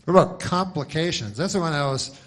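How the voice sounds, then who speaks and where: A male stand-up comedian spinning a long, rambling story in a dry, deadpan voice. His pitch sits somewhat higher than most men's. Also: fast talker.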